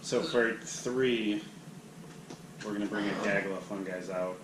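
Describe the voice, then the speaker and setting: A man's voice: lowish voice, fairly even intonation, unhurried. A man explaining game moves step by step, chatting casually at the table. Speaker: game player. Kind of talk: casual chat over a board game. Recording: echoey room with clear hiss.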